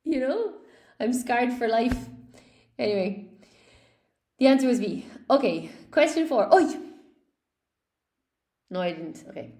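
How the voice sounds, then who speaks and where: A woman's voice: a little high, animated, a little slow, pauses often, mellow, roomy sound. A woman teaching a live online English class, cheerfully praising students by name as she goes through quiz answers.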